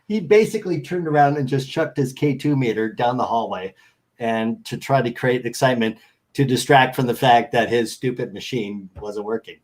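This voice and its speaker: A middle-aged man telling a story in an interview, animated and acting out other people's voices. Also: mid-range voice, moderate pace, poor audio. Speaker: guest. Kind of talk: storytelling anecdote.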